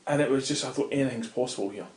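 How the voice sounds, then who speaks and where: A middle-aged Scottish man, a guest in an interview, telling animated anecdotes in casual talk and swearing freely. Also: mid-range voice, rapid-fire. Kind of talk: casual storytelling. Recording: roomy echo.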